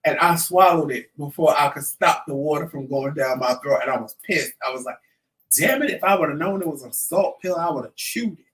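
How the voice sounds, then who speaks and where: This fifties-aged vlog host spins a relaxed tale, voicing the other characters' dialogue himself. He speaks a little fast with a fairly high pitch, and the low-quality audio was captured from a distance.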